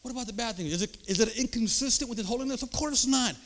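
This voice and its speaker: Older male pastor, raised-pitch voice, emphatic sermon delivery, rhetorical asides. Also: fast.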